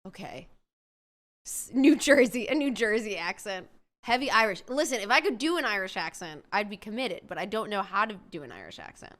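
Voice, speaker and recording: Woman, streamer host, casual chat, lively swooping pitch, bright voice, rambling. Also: fairly quick. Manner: rambling, searches aloud for words. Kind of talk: casual chat while building a game character.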